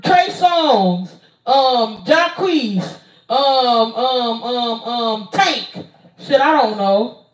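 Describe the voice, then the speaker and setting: A woman's voice: on the high side, lively intonation, extremely slow. A young woman streamer answering viewer questions in a casual, blunt, profane way, stalling with lots of ums. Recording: roomy sound, distant from mic.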